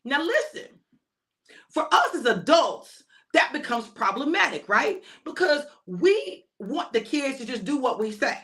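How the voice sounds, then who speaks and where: Lively high-voiced woman preaching. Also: measured pace. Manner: emphatic and repetitive, calls out to listeners. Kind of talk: informal sermon.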